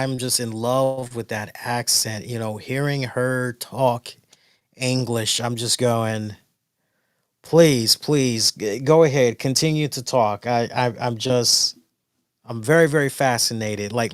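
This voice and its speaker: A man's voice: medium pitch, a bit bright, no echo, studio quality. A man hosting a casual solo wrestling review, talking loosely with many fillers and restarts. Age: older adult.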